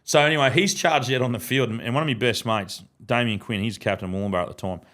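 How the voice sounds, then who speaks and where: An Australian man chats in a podcast studio, spinning a sweary story and slipping into the voices of the people in it. He is a guest and a former ground announcer, and he speaks at an ordinary pitch for a man. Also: fast talker, fairly bright tone. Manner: swears freely and acts out other people's lines in his anecdotes. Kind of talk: casual storytelling chat.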